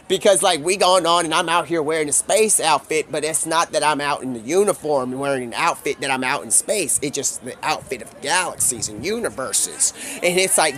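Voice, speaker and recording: A man's voice: on the high side, a bit bright. Man rambling through a wild improvised tale. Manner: quick voice shifts for quoted characters. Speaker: streamer.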